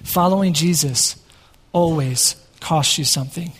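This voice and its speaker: A man preaching a sermon to his congregation in a church, energetic and often asking the room questions. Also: a little high, unhurried, breathy edge, big-room sound. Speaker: pastor. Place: church sanctuary. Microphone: headset microphone.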